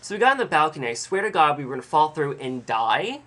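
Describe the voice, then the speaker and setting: Brief: rambling vlogger, self-deprecating, bright voice. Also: male voice, on the high side, sing-song, quick pace. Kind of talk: casual storytelling.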